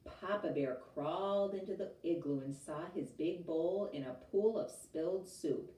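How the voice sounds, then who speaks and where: A woman teacher reading a storybook aloud to a class, expressive and chatty, adding asides to her listeners. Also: on the low side, unhurried, slight background noise. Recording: roomy, mic at a distance.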